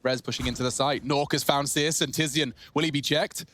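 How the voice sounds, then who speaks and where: A man casting a competitive shooter match live, with quick play-by-play that rises sharply on big moments. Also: slight background noise. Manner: excitable, rising in pitch on big plays. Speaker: esports caster. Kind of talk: play-by-play commentary.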